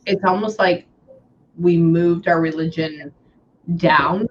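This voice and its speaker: In a casual reading session, a psychic medium chats away, often saying "hang on" as she relays quoted messages. Her voice is fairly low and steady, her pace slow, and the recording muffled.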